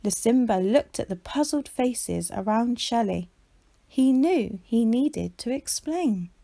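A woman teacher reading a children's picture book aloud in an expressive, animated storytelling manner. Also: fairly high pitch, takes it slowly, vocal fry.

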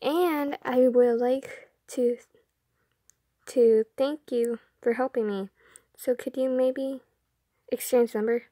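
A woman's voice: high voice, steady tone, slow, long pauses, dark tone, no echo, clean studio sound. A woman voicing a friendly young male pop idol. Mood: reassuring.

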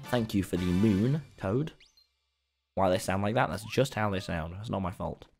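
A man streaming a video game, excitable and mock-outraged in turns, cursing freely and bantering dryly with his chat. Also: deep voice, normal speed, faint music behind. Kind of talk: casual gaming livestream.

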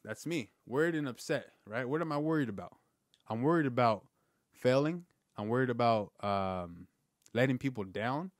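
A man's voice: medium pitch, lively intonation, normal speed, no room sound. Man, podcast host, earnest and rambling, casual reflective talk, dry close sound. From Southern California. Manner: rambling, earnest, many restarts and "right?".

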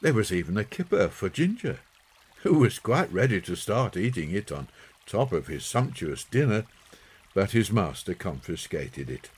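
A man reading a children's story aloud in an expressive, unhurried way. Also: fairly low pitch, slightly rough. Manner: slow, lively expressive reading. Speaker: audiobook narrator. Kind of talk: storybook narration.

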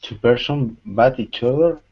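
A man taking part in an English class on a video call, speaking halting, non-native English with many pauses. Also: medium pitch, breathy edge. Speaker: language student. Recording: dull lo-fi video call audio.

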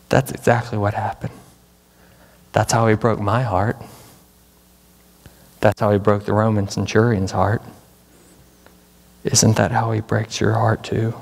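A man's voice: lowish voice, gravelly, darkish tone, husky. Preaching man in a reverberant chapel. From Memphis, Tennessee. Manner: dramatic, with many rhetorical questions. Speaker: pastor. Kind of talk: chapel sermon. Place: large chapel hall. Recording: long hall reverb.

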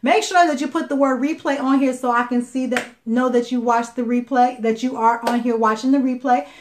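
A talkative woman from Chicago, Illinois, presents jewelry on a live stream, her fairly high voice holding a steady tone. She talks close to a phone or webcam, repeating herself and padding pauses with ums, over a faint hiss or hum.

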